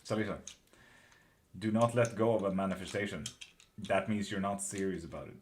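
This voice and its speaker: A man doing live tarot readings, chatting breezily with viewers and answering questions quickly, with casual swearing. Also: low-pitched, darkish tone, slight background noise. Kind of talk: casual live-stream chat.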